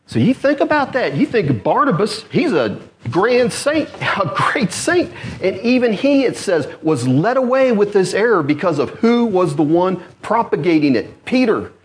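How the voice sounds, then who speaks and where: A man's voice: sits high, very animated, moderate pace. A man preaching an expository sermon, asking his listeners questions, answering them himself and repeating key words for emphasis.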